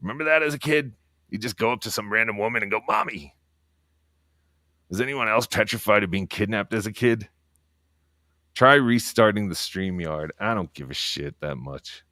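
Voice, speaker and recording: Brief: low-pitched male streamer, profane and rambling, talking quietly at home at night, dry room. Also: brisk, no room sound. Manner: talking quietly so as not to wake others. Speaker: livestreamer. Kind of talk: casual livestream monologue.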